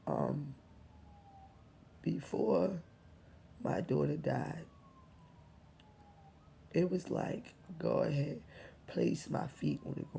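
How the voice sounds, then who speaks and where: A woman vlogger speaking softly and haltingly to her subscribers, holding back tears as she tells a personal story, often dropping near a whisper. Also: sits low, gravelly, slight background noise. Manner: soft, halting, often near a whisper, with many pauses and ums.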